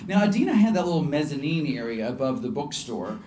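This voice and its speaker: A man with a Southern US accent performing a personal story on stage, animated and comic. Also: a little high, fast talker. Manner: animated and comic, laughing through lines. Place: live storytelling show venue. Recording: echoey hall with faint ambience.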